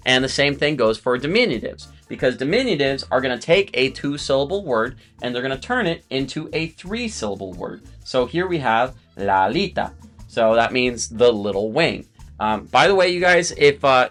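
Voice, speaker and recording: A man's voice: medium pitch, a bit bright. A man teaching a language lesson to viewers in a chatty, explanatory way, with friendly asides and repeated words.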